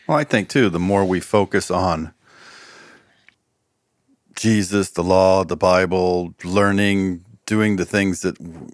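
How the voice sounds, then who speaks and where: A heartfelt man with a very low voice co-hosts a faith podcast. He rambles warmly and fills pauses with ums. The studio sound is close and dry. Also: steady tone, no echo. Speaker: podcast co-host. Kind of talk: casual faith discussion.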